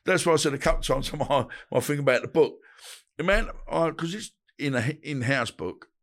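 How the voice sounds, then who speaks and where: A man's voice: fairly high pitch, brisk, a bit bright. A man, telling stories bluntly in a casual interview and acting out the dialogue he quotes. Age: 50s. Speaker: guest, boxer.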